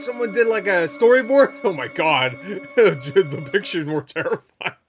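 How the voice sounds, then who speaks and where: A man hosting a casual meme reaction video who drawls his comments slowly. He swears freely and laughs, with sudden loud outbursts. Loud music plays behind his voice the whole time. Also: sits high, expressive.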